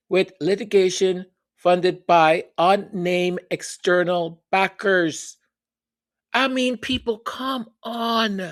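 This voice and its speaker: A commentary host speaking sarcastically, with emphatic rhetorical questions. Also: mid-range voice. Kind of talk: opinion commentary.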